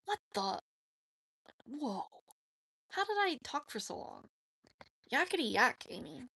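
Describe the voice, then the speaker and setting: A woman's voice: sits high, big pitch swings, slow, pushed and bright, husky, no room sound, studio quality. A woman, chatting casually with viewers on a livestream, giggly and rambling. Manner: chatty, giggly, talks to herself. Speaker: livestream host.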